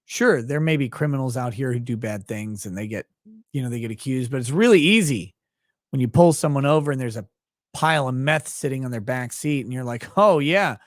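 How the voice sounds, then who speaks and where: A man's voice: medium pitch, animated, brisk, dry recording. Guy rambling on his stream, swears a lot, dry close sound. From Minnesota, USA. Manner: profane, rambling, laughs often. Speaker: livestream host reading chat. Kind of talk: casual livestream chat.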